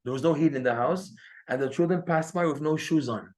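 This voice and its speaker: A man teaching a Torah class, telling a story in a lively way and acting out the quoted dialogue. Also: fairly quick. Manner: animated, acts out quoted dialogue with raised pitch. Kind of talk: storytelling lecture.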